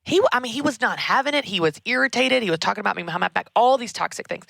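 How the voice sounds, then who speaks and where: A woman, hosting a show and giving emphatic, animated career advice. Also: mid-range voice, rapid-fire, creaky, hardly any pauses, no echo. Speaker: podcast host. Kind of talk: conversational advice.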